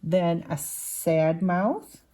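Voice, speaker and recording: A woman leads a drawing lesson for young children, explaining each step patiently as she sketches. Her pace is slow and unhurried, and her voice sits a little low. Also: warm tone.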